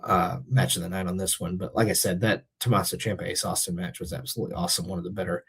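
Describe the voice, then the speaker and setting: A man's voice: low voice, fairly even intonation, quick pace, a bit bright, slightly rough. A man hosting a casual wrestling recap show, losing his voice, talking loosely with many fillers. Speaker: host.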